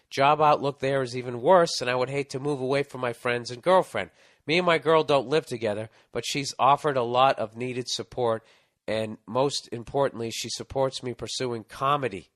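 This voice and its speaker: The recording is dry and studio-clean, carrying a middle-aged man's medium-pitched, fairly bright voice. He hosts a casual podcast, reading a listener's advice letter with profane ranting and storytelling.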